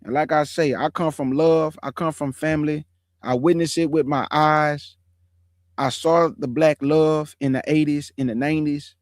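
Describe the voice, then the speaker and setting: An emphatic man in his forties gives a casual testimony to an online audience, speaking at normal speed in a fairly high voice with rather even intonation. His style is preachy and slangy, like street talk, with repeated phrases, and the sound is dry and close.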